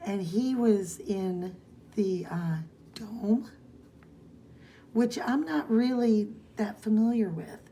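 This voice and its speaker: A woman's voice: mid-range voice, slow pace, mellow, slight background noise. A woman co-hosting a podcast, casually recapping a comic's plot in a rambling way. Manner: rambling recap, reads dialogue aloud. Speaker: podcast co-host.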